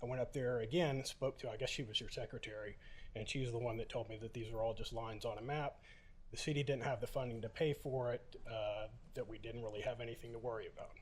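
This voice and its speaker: A man's voice: medium pitch, fairly even intonation, fast. A middle-aged man, holding back tears, giving plainspoken public comment at a city council podium. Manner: plainspoken, emotional, many uhs.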